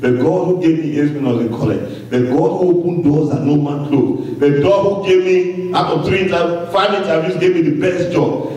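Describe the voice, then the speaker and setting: A man preaching a sermon with excitement, swinging between booming shouts and low asides, often laughing. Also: moderate pace. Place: church sanctuary. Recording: very echoey, from far off the mic.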